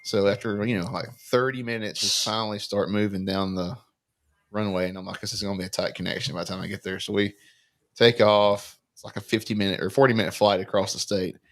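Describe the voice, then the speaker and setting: A man with a slightly low voice tells a story on a casual podcast. He carries it along, acting out the other people's lines. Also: fast. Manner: animated anecdotal storyteller, acts out dialogue. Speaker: podcast co-host.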